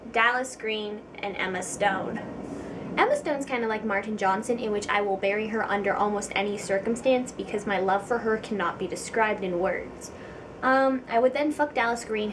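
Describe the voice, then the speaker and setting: A woman's voice: mid-range voice, recorded from a distance, background noise. A young woman vlogger chatting casually to camera, giggly and self-deprecating, with frequent ums.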